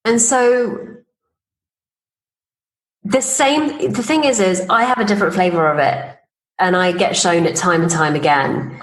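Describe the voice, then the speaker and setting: A woman with a fairly low voice speaks a little slowly and pauses often, on a rough recording. She's a business coach guesting on a podcast, chatting about personal stories, acting out the dialogue she quotes and laughing as she tells them.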